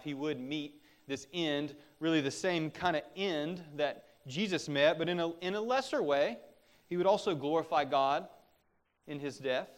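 A middle-aged man preaching a sermon as a pastor, earnest and exhorting, pressing harder on his warnings. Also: a little high.

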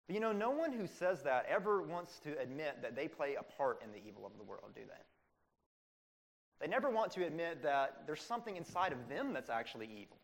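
A man's voice: a little high, big pitch swings, a little fast, fairly bright tone. A man preaching a sermon, asking rhetorical questions and acting out quoted voices. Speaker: pastor.

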